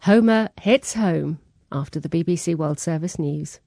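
A woman radio host reading scripted introductions in a crisp, polished way. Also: deep voice, normal speed, mellow, dry recording, studio quality. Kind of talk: scripted programme trailer.

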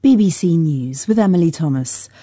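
Low, dark-voiced woman reading the news. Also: husky, no echo, clean studio sound. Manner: measured, even delivery. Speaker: newsreader. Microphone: studio microphone.

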